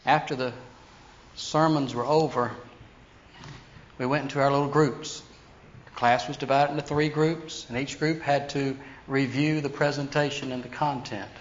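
A man preaching a storytelling sermon, animated, acting out the voices of people he quotes. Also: mid-range voice, moderate pace. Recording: dull lo-fi sound with faint hiss.

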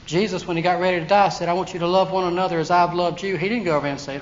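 A man preaching a storytelling sermon, animated, acting out the voices of people he quotes. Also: high-pitched, rapid-fire, hardly any pauses. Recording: dull lo-fi sound with faint hiss.

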